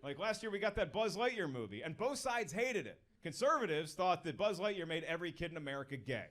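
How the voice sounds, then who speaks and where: A man's voice: a little high, big pitch swings, quick pace, a bit bright. A man doing a stand-up comedy set on a club stage, talking in a punchy, conversational way and working the crowd. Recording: noisy live club recording.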